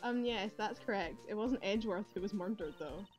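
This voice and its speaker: A woman voicing a weary young male defense attorney in a game, reading his lines in a flat, slightly lowered voice over faint game music. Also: a little fast, close to an everyday voice. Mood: dry.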